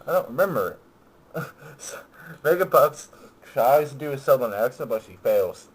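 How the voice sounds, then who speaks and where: A man's voice: medium pitch, lively intonation, moderate pace, slightly rough. A young man co-hosting a casual movie-ranking chat, hesitant and full of fillers, with a laid-back manner. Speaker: co-host of a movie review show.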